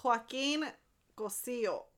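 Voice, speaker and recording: A woman's voice: a little high, takes it slowly, fairly bright tone. A young woman in casual chat, giggling and stumbling as she reads out names. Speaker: co-host.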